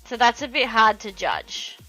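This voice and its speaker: An Australian woman chats loosely on a livestream as she paints, wandering from thought to thought and laughing often. Her voice is bright and sits fairly high. Faint music plays underneath. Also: very animated, measured pace, poor audio. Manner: rambling, chatty, laughs often. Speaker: livestream host. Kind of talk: casual chat while painting.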